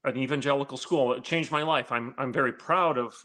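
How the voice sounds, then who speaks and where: A man's voice: mid-range voice, fairly quick, fairly bright tone. A man, a former college dean, telling a story in a podcast interview and building to pointed rhetorical questions.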